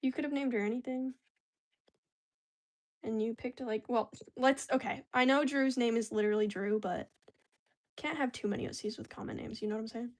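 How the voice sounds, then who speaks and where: A woman's voice: on the high side, steady tone, fairly quick, darkish tone. A woman vlogging casually while she crafts, talking in a chatty, rambling way full of slang.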